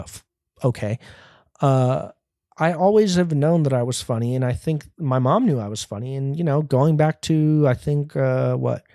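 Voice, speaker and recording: A man's voice: medium pitch, warm tone, no echo, studio quality. A man, a comedian hosting his own podcast, rambling through a profane, self-mocking solo rant.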